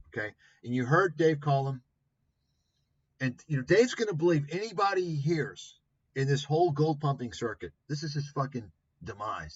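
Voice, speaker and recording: Combative male livestream host, profane and scornful, husky tone, dull lo-fi audio. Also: mid-range voice, no echo. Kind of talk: ranting commentary on clips.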